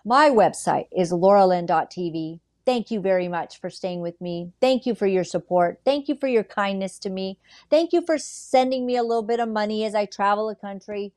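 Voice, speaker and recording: A woman talking casually to her audience and reading scripture, chatty and animated, acting out quotes in playful voices. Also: medium pitch, moderate pace. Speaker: online commentator and preacher.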